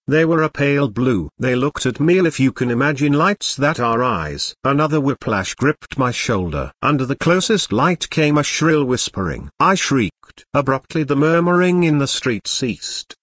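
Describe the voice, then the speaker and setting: A man's text-to-speech voice narrating an audiobook in an even, measured way. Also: medium pitch, dry recording.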